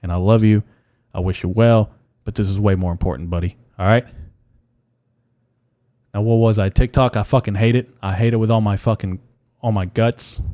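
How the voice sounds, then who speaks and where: In a casual solo podcast rant, the young male host is blunt, profane and repetitive. He talks at a moderate pace in a lowish, steady, dark voice, leaving long pauses, with no room sound.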